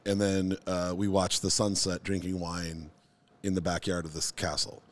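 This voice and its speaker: A man in his forties telling a story in a relaxed, casual chat. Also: low-pitched, normal speed. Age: 40s.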